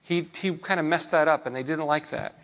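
A man preaching a sermon in a relaxed, conversational way, with rhetorical questions and frequent restarts. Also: on the high side, fairly quick. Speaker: pastor.

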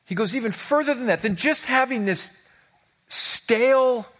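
A pastor with an extremely high, fairly bright voice preaches at a measured pace before a live congregation with a screen. He is earnest and emphatic, rising on key words and stumbling over repeated words when moved.

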